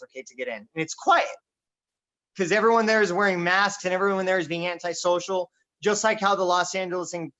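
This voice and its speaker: A man hosting a casual political chat, talking in a boisterous, loud and animated way. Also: sits high. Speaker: podcast host. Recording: dull lo-fi recording.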